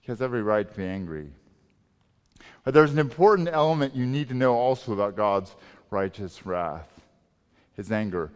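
A man preaching a sermon as pastor, emphatic and swinging between loud and soft delivery. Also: fairly low pitch, lively intonation, moderate pace, long pauses, clear, resonant tone. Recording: long reverb of a large hall.

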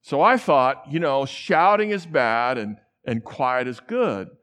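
A man's voice: medium pitch, lively intonation, takes it slowly, fairly bright tone. A middle-aged man from the central United States preaching a sermon in a large church, telling personal stories in a conversational way and acting out the voices he quotes.

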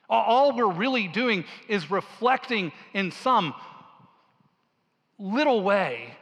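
A male pastor telling a story in a sermon with earnest, quiet intensity, dropping his voice low for quoted lines. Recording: long hall reverb.

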